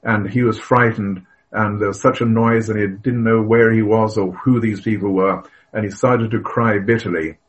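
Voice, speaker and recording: An older man delivers a sermon in a fairly low voice. He speaks earnestly, stressing phrases as he goes. He tells stories with the occasional filler and a cleared throat. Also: fairly even intonation, moderate pace, hardly any pauses, dull audio. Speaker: preacher.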